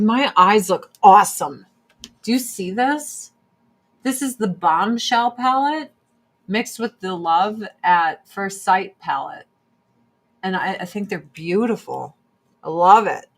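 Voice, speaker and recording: A woman chatting casually and bluntly while doing her makeup, swearing freely as she gives her opinions. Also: fairly low pitch. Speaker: streamer.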